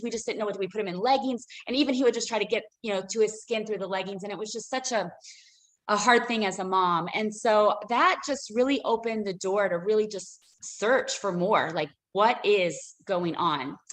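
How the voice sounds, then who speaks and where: A woman's voice: medium pitch, a bit bright, poor audio. A woman, a business owner, telling a personal story as a guest on a radio interview, emotional and rambling with many fillers and restarts.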